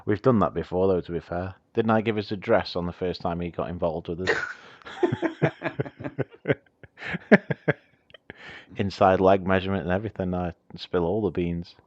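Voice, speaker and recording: A man's voice: sits low, steady tone, moderate pace, long pauses, a little mellow, no echo, dull audio. A man chatting casually and laughing often while he plays a game on a livestream. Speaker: streamer playing the game. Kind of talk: casual gaming livestream chat.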